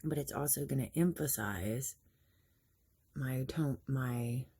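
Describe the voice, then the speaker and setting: A woman talks through her morning makeup routine in a casual, chatty way, explaining each step as she goes. Her voice is slightly husky. She often pokes fun at herself. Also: rumbling low, slow pace, warm tone. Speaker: makeup vlogger.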